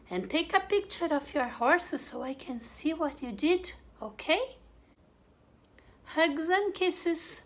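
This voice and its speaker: Slow, sing-song woman teaching small kids. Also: high voice. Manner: slow, sing-song and animated, with playful gasps. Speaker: English teacher for young children. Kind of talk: online kids' English lesson.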